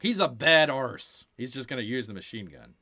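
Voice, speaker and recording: A man's voice: medium pitch, expressive, normal speed, bright, forceful tone. A man hosting a casual movie watch-along, making wry, jokey remarks about the film. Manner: jokey, wry, often slips into silly voices. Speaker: streamer, host.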